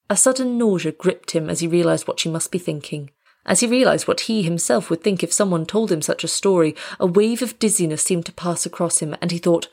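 Woman reading a story out loud, steady pace, kinda gravelly fry in her voice. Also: fairly low pitch, a little fast. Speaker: narrator. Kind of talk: audiobook narration.

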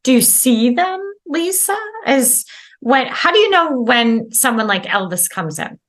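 A woman hosting a casual interview, animated and laughing easily. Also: fairly high pitch, a little slow. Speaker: podcast host.

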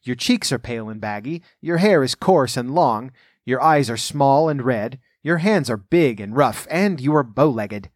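Brief: haughty young lady read by a man, cool and dismissive, slightly raised pitch, dry. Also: lively intonation, normal speed, dry recording, close to an everyday voice. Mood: scornful. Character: haughty vain young lady, cold and scornful.

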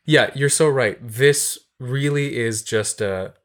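A woman's voice: very deep voice, takes it slowly. A woman co-hosting a casual chat about a film, explaining at length with enthusiasm. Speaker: podcast co-host. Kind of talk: casual movie discussion.

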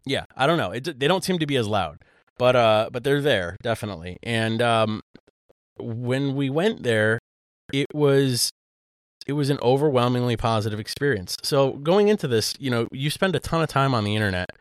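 Smooth-voiced man chatting casually. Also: mid-range voice, lively intonation, normal speed, no echo, studio quality. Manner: rambling with many fillers and restarts. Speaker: podcast co-host. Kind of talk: casual chat.

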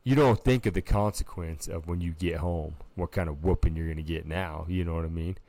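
A podcast co-host with a deep voice tells a story in casual chat, speaking a little fast with no echo. He's an animated storyteller who acts out quotes and says "dude" a lot.

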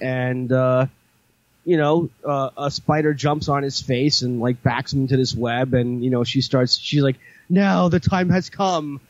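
A man's voice: medium pitch, no room sound, muffled recording. A man co-hosting a casual podcast, telling a long story with many fillers and restarts. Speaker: podcast co-host. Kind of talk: casual chat.

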